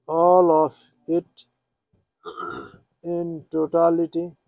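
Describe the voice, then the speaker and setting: A man's voice: fairly high pitch, completely flat delivery, very slow, creaky, mellow, no echo. Patient male Arabic teacher. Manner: patient, repetitive explaining with questioning tags. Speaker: Quran and Arabic grammar teacher. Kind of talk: classroom lesson, mixing English and Bengali.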